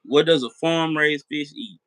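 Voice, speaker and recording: Bright-voiced rambling man. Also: a little high, unhurried, smooth, dry recording, poor audio. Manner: rambling, repetitive, profane; talks straight to viewers. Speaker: live stream host. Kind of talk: casual late-night chat.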